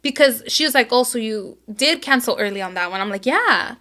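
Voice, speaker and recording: Bright-voiced woman telling a story. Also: a little high, a little fast. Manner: animated storytelling with lots of swearing and quoting. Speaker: podcast co-host. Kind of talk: casual chat.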